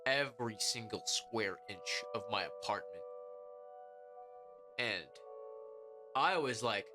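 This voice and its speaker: A young man hosting a podcast, telling a story in a casual, profane way and acting out quotes in high voices. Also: takes it slowly, pauses often, music in the background. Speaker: podcast host.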